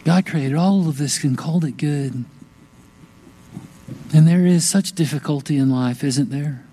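A man preaching a sermon as pastor, slow, gentle and reflective, with long pauses. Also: on the high side, breathy edge, rough recording.

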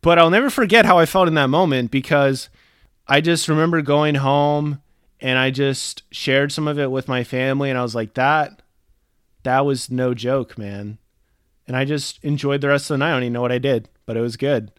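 A young adult man telling a personal story in a chatty, animated way, full of casual fillers. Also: medium pitch, a little fast, clear, resonant tone, no echo, clean studio sound.

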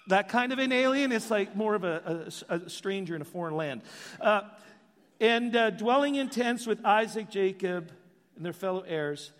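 A man preaching a sermon as pastor, animated and joking in asides. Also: high voice, big-room sound.

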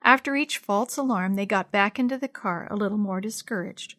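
A woman reading a children's storybook aloud in a clear, expressive scripted narration. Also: medium pitch, a little fast, no room sound, clean studio sound.

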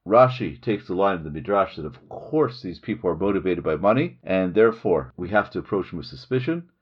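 Man, middle-aged, podcast host, Bible lesson, animated pitch, husky, dull lo-fi recording. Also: fairly quick. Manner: lively explanatory storytelling, reads Hebrew aloud. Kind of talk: Bible study podcast lecture. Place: home recording room in the hills.

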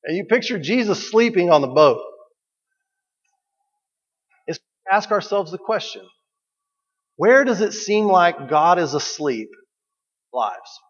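A man's voice: a little high, breathy edge. A man preaching a sermon in a conversational way, asking the listeners questions and repeating key phrases. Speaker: pastor. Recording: dull recording with long hall reverb.

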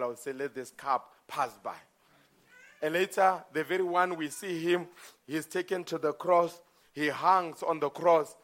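A man preaching an impassioned sermon who dramatizes the stories he tells. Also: on the high side.

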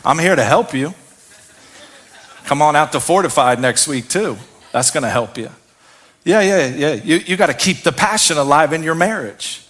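A man preaching a sermon as pastor, fiery and building to shouted peaks, calling on the congregation to answer him. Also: fairly high pitch, expressive, normal speed.

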